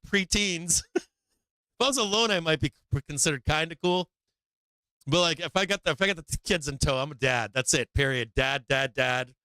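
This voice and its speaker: A man's voice: on the high side, bright, forceful tone, clear, resonant tone, no echo. An older man from Boston with a Boston accent, hosting a livestream and telling a rambling story in casual chat, laughing often and swearing freely. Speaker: livestream host.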